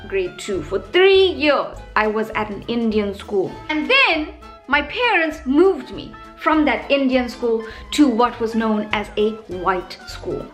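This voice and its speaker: Brief: young South African woman, high and animated, chatty vlogger, South African English accent. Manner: chatty, animated, self-mocking. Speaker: YouTuber. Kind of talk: casual talking-to-camera vlog.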